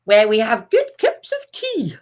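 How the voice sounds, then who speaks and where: A woman's voice: on the high side, huge pitch swings, a little slow. A woman from Sheffield with a South Yorkshire accent, co-hosting a casual live-stream chat and reading out viewer comments. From Sheffield, England. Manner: giggly, bursts into laughter often; chatty, reads out viewer comments. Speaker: talk show co-host.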